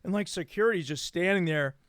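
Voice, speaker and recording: A man hosting a podcast, telling a story in a profane, animated way with many restarts. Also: sits high, fast, no room sound, studio quality. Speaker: podcast host. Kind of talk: casual chat.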